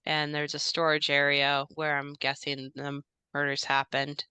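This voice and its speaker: A woman's voice: sits low, completely flat delivery, unhurried, pushed and bright, clear, resonant tone, no echo. A woman voicing a rambling nervous house staffer. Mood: chatty. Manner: hesitant, rambling, many fillers.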